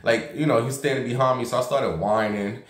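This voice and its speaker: A chatty man tells a gossipy story on his home vlog and acts out the people in it as he goes. His voice sits at a middle pitch. The room around him is bare and echoey. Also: steady tone, a little fast. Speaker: vlogger. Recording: roomy echo.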